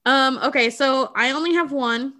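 A woman with a bright, ringing voice sits a touch high in pitch as she talks through a movie she didn't think much of. She is blunt and swears freely, often breaking into laughter as she co-hosts the show. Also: moderate pace. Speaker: podcast co-host. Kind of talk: casual movie review chat.

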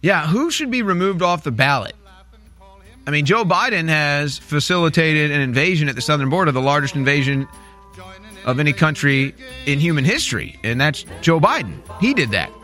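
A man's voice: on the high side, animated, normal speed, sharp tone, soft background music. A man hosting a talk radio show, commenting in an indignant, mocking way and repeating his points.

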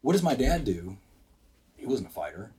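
A man in his sixties from Wisconsin, a business owner telling a story in a podcast studio interview, animated and acting out what people said. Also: mid-range voice, moderate pace, slight background noise. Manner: energetic, acts out quotes, frequent restarts.

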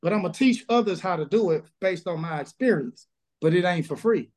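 A man's voice: high-pitched, animated, brisk, darkish tone. A man who pastors a church, talking bluntly and emphatically in an interview over a video call, with a Southern accent. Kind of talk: casual interview, preaching energy.

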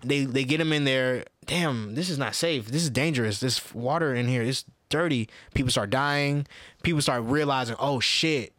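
A man in casual podcast chat, talking loosely and cursing freely, with plenty of swings in his voice. His pitch sits mid-range for a man. The sound is close and dry, with no room echo. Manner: loose, profane, animated storytelling with quick voice shifts. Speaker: podcast co-host.

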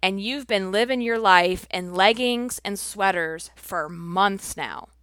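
A woman's voice: mid-range voice, takes it slowly, a bit bright, no echo. A woman hosting her own show, talking casually and emphatically to her audience, peppering her speech with "like" and "you know.". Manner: chatty, full of "like" and "you know", personal and emphatic. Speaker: host speaking to her audience. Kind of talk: casual direct-to-camera monologue.

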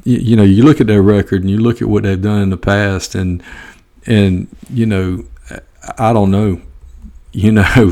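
A man's voice: sits low, creaky, darkish tone. A middle-aged man with a country Georgia accent, talking in a blunt, folksy, rambling monologue as a podcast host. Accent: Southern US, Georgia. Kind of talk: casual opinion monologue.

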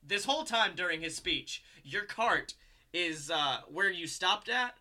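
A young man in casual chat, telling a long story in an animated, rambling way with lots of fillers. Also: sits high, a little slow.

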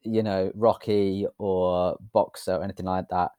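A man's voice: low-pitched, flat delivery, moderate pace, mellow, smooth, dry recording. Understated British man telling a rambling story. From United Kingdom. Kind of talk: casual chat.

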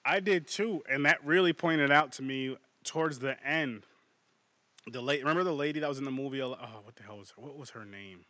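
A man co-hosting a casual movie podcast, talking excitably with lots of swearing and restarts. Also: mid-range voice, fairly quick, dry recording. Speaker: podcast co-host.

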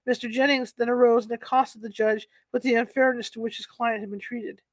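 A woman's voice: a little high, steady tone, a little fast, no echo. Dry, unpolished woman reading aloud. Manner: unpolished reading, stumbles over words and corrects herself. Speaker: narrator. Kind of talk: reading a historical account aloud.

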